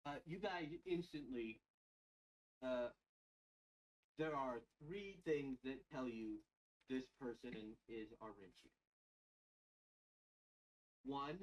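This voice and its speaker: Guy running a tabletop game, super slow and halting, lots of uhs, dull lo-fi audio. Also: mid-range voice, distant mic. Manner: slow, halting narration with many fillers. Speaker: game master.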